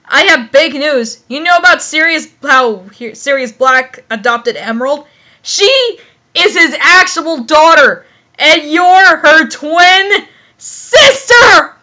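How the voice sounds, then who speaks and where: Hagrid, a woman reading an excited big groundskeeper. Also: high-pitched, moderate pace, few pauses, pitched below the performer's own voice. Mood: eager. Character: excited big male groundskeeper bursting with news.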